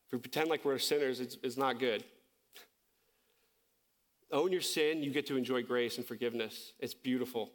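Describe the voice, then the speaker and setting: Preaching as a pastor, a man speaks in an impassioned yet conversational way, rising in pitch and slowing on important phrases while making self-correcting asides. His tone stays steady.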